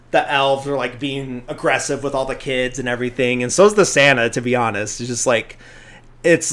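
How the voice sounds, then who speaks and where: A man's voice: medium pitch, clean tone. A man hosting a podcast, casually retelling a movie plot in a rambling way, full of fillers like "like" and "um". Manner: briefly acts out characters' lines in the retelling. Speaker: podcast host.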